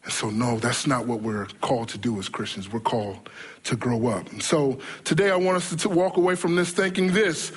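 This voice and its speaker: A man preaching a sermon as a pastor, animated, acting out the whining voices of his congregation. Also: mid-range voice, brisk, slightly rough. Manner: animated, acts out imagined voices of churchgoers.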